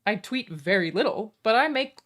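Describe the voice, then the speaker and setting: A woman's voice: on the high side, lively intonation, normal speed, a bit bright. A woman streamer in casual chat, blunt and exasperated, swearing freely.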